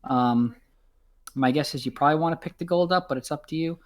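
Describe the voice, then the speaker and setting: A man's voice: on the high side, a little fast. A man narrating as game master in a casual way, with many ums and uhs.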